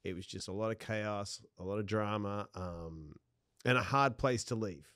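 A man from Australia whose accent mixes Australian and New York sounds, telling stories as a podcast guest in a casual, animated way. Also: on the low side, normal speed, no room sound, clean studio sound. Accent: Australian with New York influence. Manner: animated storyteller, swears casually. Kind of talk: casual chat.

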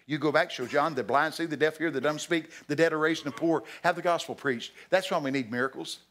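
Older male preacher, folksy storyteller, bursts up high and loud for emphasis. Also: brisk, a little hiss or hum. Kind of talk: sermon. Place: church sanctuary.

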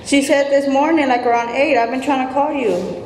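A woman's voice: sits high, fairly even intonation, fairly quick, darkish tone. A woman vlogging in a casual, teasing way. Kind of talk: casual vlog chat. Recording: echoey room with long reverb, noisy.

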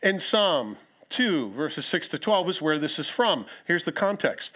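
Animated male pastor preaching. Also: fairly high pitch, measured pace, few pauses. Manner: expressive preaching, quoting scripture aloud with asides. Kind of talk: sermon. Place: church.

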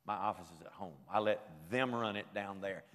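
A man's voice: lowish voice, moderate pace. Older preacher man, fervent, reverberant hall. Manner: emotional, swings from quiet reflection to loud fervent exhortation. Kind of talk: sermon. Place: large hall at a church camp meeting.

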